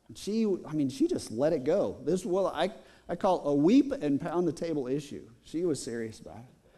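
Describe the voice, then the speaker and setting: A middle-aged man gives a relaxed, conversational sermon in a church, and his fairly high voice has a warm, mellow tone. He often pauses on fillers and repeats himself as he drifts into a personal story. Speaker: pastor.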